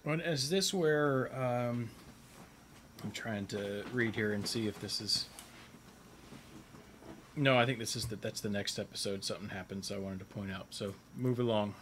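Male co-host, crisp bright tone, faint background hiss. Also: fairly low pitch, normal speed, pauses often. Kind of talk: casual chat.

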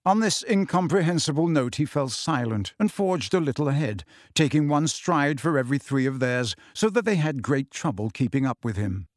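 Male audiobook narrator, steady scripted reading, fairly high pitch. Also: moderate pace, hardly any pauses, no echo. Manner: steady storytelling. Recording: dry close studio sound.

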